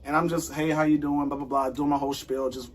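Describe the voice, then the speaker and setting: A man sharing a personal faith story in casual conversation, animated and acting out his own thoughts and the lines of others. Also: on the high side, fast, slight background noise. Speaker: guest.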